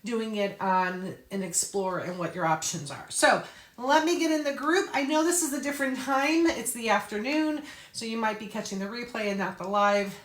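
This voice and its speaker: A woman's voice: on the high side, normal speed, a bit bright, reverberant. A chatty, upbeat woman hosting a live craft tutorial and greeting viewers by name. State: out of breath. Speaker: craft class host.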